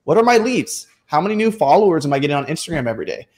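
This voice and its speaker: Animated young man coaching casually. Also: a little high, racing. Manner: energetic, joking, breaks into animated voices for quoted people. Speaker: online bookselling coach. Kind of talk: casual instructional talk to camera.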